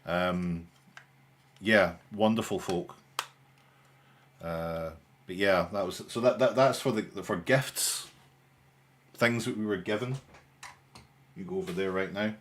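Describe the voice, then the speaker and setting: A man's voice: deep voice, slow pace, pauses often, fairly bright tone, a little hiss or hum. A young man hosting a live stream in casual chat, with dry, sarcastic humour and a rambling way of talking. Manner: rambling, with frequent restarts and fillers.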